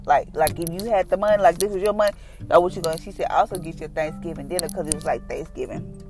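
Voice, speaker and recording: A woman's voice: on the low side, quick pace, darkish tone. Woman, mother, personal faith testimony, chatty retelling with quoted dialogue, earnest prayer, faint music underneath.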